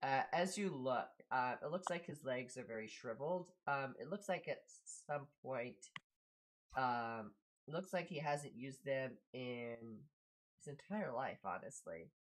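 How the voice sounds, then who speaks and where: A man narrating a tabletop game as game master in a casual, relaxed way, with many fillers. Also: medium pitch, a little slow.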